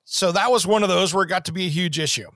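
Bright, chatty male podcast host. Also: high-pitched, fast, no echo, clean studio sound. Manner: chatty, rambling storyteller who laughs easily. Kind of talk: casual chat.

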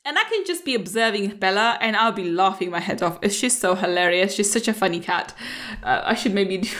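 A woman's voice: medium pitch, animated, fairly quick, fairly bright tone. A middle-aged woman, a money coach, giving an upbeat motivational talk, laughing often and asking rhetorical questions.

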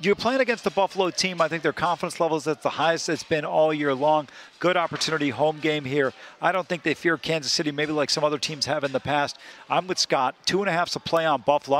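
A man co-hosting a sports betting show gives his picks emphatically. His voice sits a bit high, with faint noise behind. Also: quick pace, a bit bright. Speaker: co-host.

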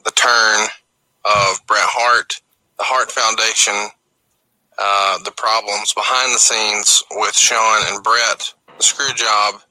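A man's voice: on the low side, flat delivery, takes it slowly, bright, forceful tone, no room sound, poor audio. A man hosting a podcast, setting up the next topic in a rambling way with lots of fillers. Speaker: podcast host. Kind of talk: casual chat.

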